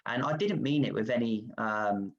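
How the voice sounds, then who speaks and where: A man's voice: medium pitch, normal speed, creaky, dull audio. A man, a former footballer, telling candid stories about himself over a video call. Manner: self-reflective, frank, animated anecdotes. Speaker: guest footballer. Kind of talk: candid storytelling.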